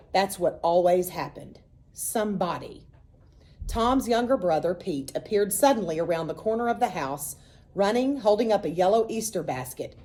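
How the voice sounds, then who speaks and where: A woman reading a children's novel aloud, expressive and playful, voicing the kids' dialogue. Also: mid-range voice. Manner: expressive storytelling, voices for the children. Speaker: reader.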